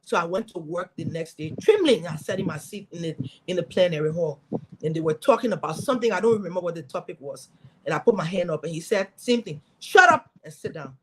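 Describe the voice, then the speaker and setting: A middle-aged woman from Liberia speaking, a guest in an interview telling her story as a former senator with lively, preaching energy. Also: on the low side, fast talker, noisy background. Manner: animated, preaching storytelling with acted quotes.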